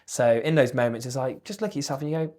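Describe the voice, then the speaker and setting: A young man in his twenties talks as a podcast guest, loose and jokey. He chats casually, swears freely and keeps things animated. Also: mid-range voice, fast talker. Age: 20s. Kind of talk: casual chat.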